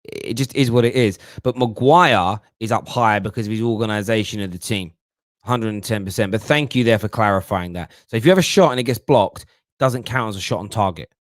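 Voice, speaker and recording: A man hosting a live football fan show, reading viewer comments and answering them in animated, slangy casual chat. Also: on the low side, fairly quick, dry recording, studio quality. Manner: animated, mocking put-on voices, London slang like "bruv". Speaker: football talk show host.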